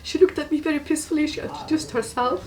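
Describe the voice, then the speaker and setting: A woman from Tunisia, giving a personal testimony in an earnest, halting way and repeating words for emphasis. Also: high-pitched, darkish tone, distant mic, rough recording. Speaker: guest giving a faith testimony.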